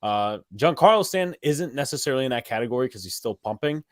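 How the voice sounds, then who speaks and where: A man co-hosting a casual sports call-in stream, rambling through stats with quick asides and blunt remarks. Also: mid-range voice, expressive, no room sound, studio quality. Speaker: co-host.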